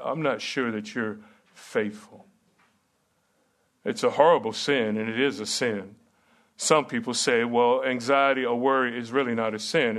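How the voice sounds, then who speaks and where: A man's voice: medium pitch, a bit bright. A middle-aged man preaching a sermon and teaching at a seminary, earnest and emphatic with rhetorical questions.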